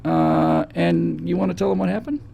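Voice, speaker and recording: A man hosting a casual talk show, telling a travel story in a lively way and slipping into a calm pilot voice now and then. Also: a little high, moderate pace, vocal fry, husky. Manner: animated storyteller, mimics a calm airline pilot. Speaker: host. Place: studio set, seated.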